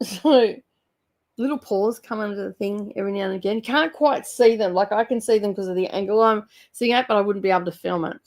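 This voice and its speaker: A woman's voice: mid-range voice, brisk. A young woman hosting a book club livestream, chatting casually, giggling often and greeting viewers by name.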